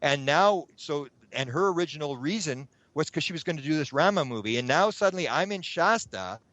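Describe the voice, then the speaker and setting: A man's voice: a little high, a little fast, no room sound. Rambling middle-aged man, dull recording. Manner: animated, acts out his own past thoughts. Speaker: guest, UFO researcher. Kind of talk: rambling anecdotal storytelling. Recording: dull lo-fi sound.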